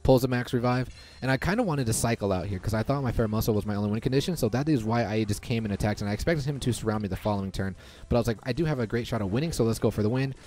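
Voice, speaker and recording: A young man giving casual, excitable commentary over his own gameplay, reacting loudly to lucky and unlucky rolls. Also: fairly low pitch. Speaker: gaming commentator. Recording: faint background music.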